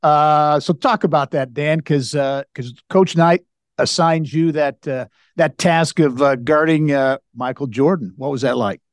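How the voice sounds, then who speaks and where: A man hosting a podcast who asks questions in a halting way, with many pauses. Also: fairly high pitch, dry recording, clean studio sound. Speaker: podcast host. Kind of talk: casual interview.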